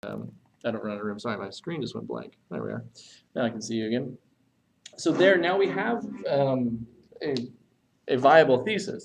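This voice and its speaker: A man teaching essay structure, talking while he writes on a board and pausing to correct himself. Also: medium pitch, animated, gravelly, a little mellow, distant mic, low-quality recording. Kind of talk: recorded writing lesson.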